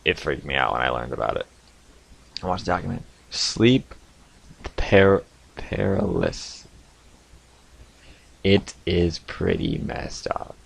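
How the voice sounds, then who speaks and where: A young man telling stories to camera from his home basement in a casual, animated way, with sudden loud outbursts and frequent laughs. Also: low voice, takes it slowly, vocal fry, long pauses. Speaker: vlogger.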